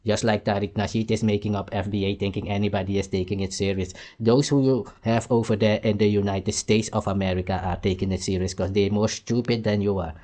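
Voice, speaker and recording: Male host, low voice, combative mocking rant, repeats catchphrases. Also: fairly even intonation, a little fast, few pauses, dark tone. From Suriname. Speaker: commentary channel host. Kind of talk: heated commentary rant over on-screen clips.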